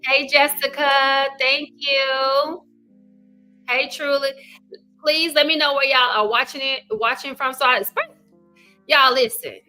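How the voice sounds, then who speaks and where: Chatty Southern woman with a bright voice. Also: high voice. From Arkansas. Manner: chatty, energetic, greets viewers by name, says "y'all" and "child". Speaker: love coach and livestream host. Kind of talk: casual livestream chat.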